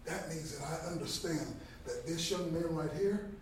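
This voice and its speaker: A man in his fifties giving an impassioned motivational sermon at a Bible study, emphatic, swinging from hushed to loud. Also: a little high, normal speed. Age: 50s. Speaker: guest speaker at a Bible study. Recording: very echoey room, distant mic, faint background noise.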